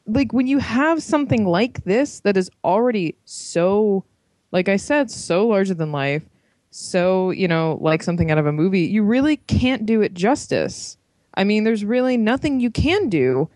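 Chatty young woman with a lively voice. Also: medium pitch, normal speed, no room sound, studio quality. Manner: chatty, laughs often, many fillers. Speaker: podcast co-host, film reviewer. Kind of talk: casual podcast chat.

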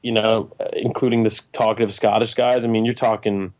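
A young man in casual conversation about a film, animated and full of fillers and restarts. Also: lowish voice, a little fast, highs cut off. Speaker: podcast co-host discussing a film. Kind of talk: casual chat.

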